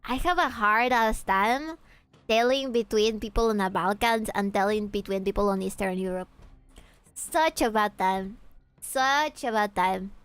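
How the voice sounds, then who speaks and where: A woman's voice: mid-range voice, measured pace, fairly bright tone, clean tone, dry recording, faint music behind. A young woman from Peru, streaming a game and joking and teasing with her chat, swearing casually. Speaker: VTuber streamer.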